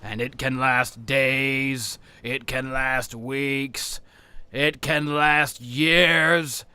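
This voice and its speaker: A man's voice: medium pitch, steady tone, drawn-out words, bright, forceful tone, clean tone, no room sound, heavily acted. A man voicing an ancient, weary evil spook who groans profane, self-pitying complaints over video game play. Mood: morose. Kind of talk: in-character commentary over video games.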